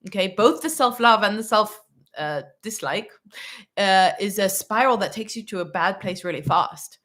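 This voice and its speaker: A woman's voice: mid-range voice, lively intonation, moderate pace, a bit bright. A woman hosting a parenting channel, answering a viewer's question in a casual, emphatic monologue that often checks in with "right?" and "okay". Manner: acts out quoted parents in little voices.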